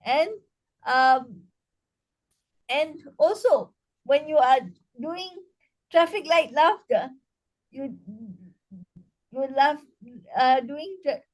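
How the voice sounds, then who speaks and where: A woman, a laughter yoga teacher leading a session, breaking into loud rhythmic laughter and cheers. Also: sits high, very slow, pauses often, poor audio. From Malaysia.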